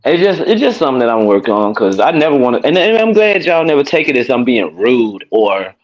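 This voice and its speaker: A young man, chatting loosely on a stream and swearing freely as he tells a story. His voice swoops up and down with lively pitch. The sound is dull and lo-fi, like stream audio. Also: a little fast. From Memphis, Tennessee. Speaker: stream co-host. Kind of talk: casual chat.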